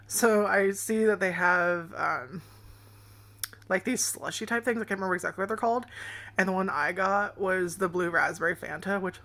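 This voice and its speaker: A woman's voice: on the low side, brisk, fairly bright tone. A young adult woman telling a rambling casual story as a vlogger, swearing often and laughing along the way.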